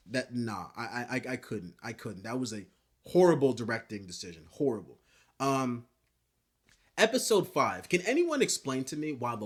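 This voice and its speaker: A man's voice: medium pitch, breathy edge. A man giving profane, frustrated video commentary on a TV show, often stammering and restarting his sentences. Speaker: TV show critic.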